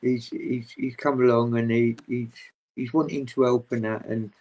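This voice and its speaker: A man chatting casually as a guest on a livestream video call, rambling, open and animated. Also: mid-range voice, normal speed, poor audio. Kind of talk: casual chat.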